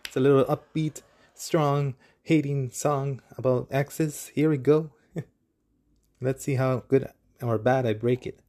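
A man's voice: medium pitch, steady tone, slow pace, warm tone. A man chatting casually between karaoke songs, chatty and self-mocking about his singing. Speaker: karaoke vlogger.

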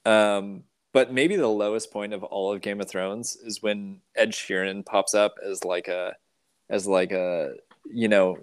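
A man hosting a podcast in casual chat, rambling and animated with restarts. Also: on the low side, smooth, no room sound. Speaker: podcast host.

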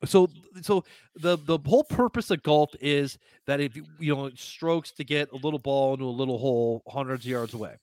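A man's voice: mid-range voice, brisk, a little mellow, no room sound, studio quality. A man co-hosting a podcast, chatty and jokey in casual talk. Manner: chatty, hesitant with restarts, jokey. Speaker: podcast co-host. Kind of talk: casual chat.

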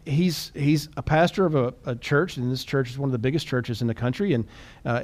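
A male podcast host in relaxed conversation. He talks quickly and eagerly, with frequent restarts and repeated words. His voice sits at an ordinary middle pitch. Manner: animated and quick. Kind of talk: casual podcast chat.

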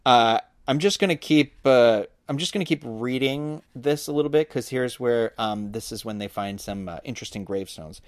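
A man's voice: mid-range voice, normal speed, few pauses, no room sound. Podcast guy recapping a book, snarky little asides, mid voice, dead dry sound. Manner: wry asides, dry humor. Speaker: podcast host. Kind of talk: casual book recap and read-aloud.

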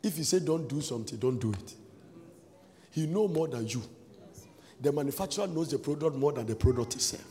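A man preaching a sermon in a sing-song cadence that swings between shouts and soft asides. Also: a little high, animated, a little fast, long pauses. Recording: long reverb of a large hall.

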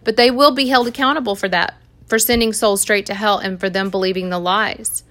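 Bright-voiced woman giving earnest testimony. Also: mid-range voice, steady tone, fairly quick. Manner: earnest, conversational, with laughs. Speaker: Christian speaker giving testimony.

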